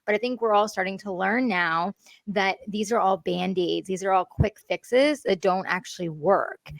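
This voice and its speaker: A woman talks as an interview guest in earnest, chatty runs, full of fillers. Her voice sits at a middling pitch. It is recorded dry and close, with no room sound. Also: no echo. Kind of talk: candid interview conversation.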